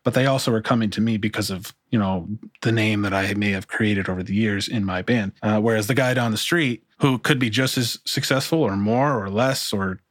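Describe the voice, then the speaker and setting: Male producer, lowish voice, casual and rambling, dry close sound. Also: brisk, hardly any pauses, no echo. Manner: relaxed, rambling, many restarts and fillers. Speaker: music producer. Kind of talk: casual interview talk.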